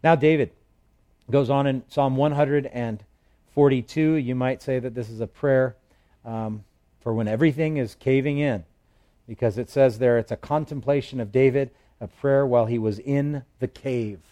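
A male pastor teaching through the Psalms in a relaxed, conversational way, reading verses aloud with emphasis and slipping in light humor. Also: mid-range voice, moderate pace. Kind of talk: expository Bible teaching.

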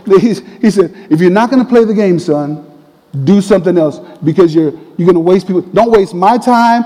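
A middle-aged man telling a personal story in a lively, casual way, laughing often. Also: sits high, normal speed. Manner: animated, laughs often, uses casual fillers. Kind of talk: storytelling talk. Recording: long reverb of a large hall.

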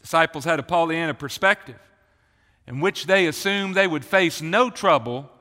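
A man's voice: a little high, moderate pace, bright, forceful tone. A male pastor preaching a sermon with emphatic repetition of key phrases, recorded in a church hall. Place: church sanctuary. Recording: long reverb of a church hall.

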